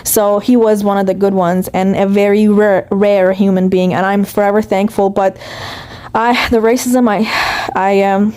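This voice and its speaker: A woman from Iran gives an earnest, reflective account with halting restarts. Her voice is mellow and warm at a middle pitch. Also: level tone. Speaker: personal testimony.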